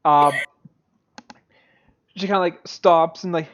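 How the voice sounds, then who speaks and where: Halting game master, dull lo-fi sound. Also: mid-range voice, steady tone, smooth. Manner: halting, many fillers. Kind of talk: narrating a tabletop game.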